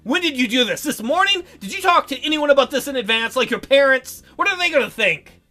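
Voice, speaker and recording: A man voicing an outraged young heroine in a visual novel, scolding in a shrill, indignant voice. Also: animated, brisk, pushed and bright, soft background music, heavily acted.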